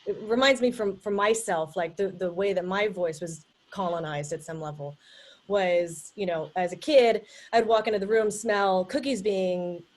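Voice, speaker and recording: A woman hosting a casual live interview over a video call, upbeat and enthusiastic, telling stories with lively energy. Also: medium pitch, moderate pace. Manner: upbeat, enthusiastic, animated storytelling. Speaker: host.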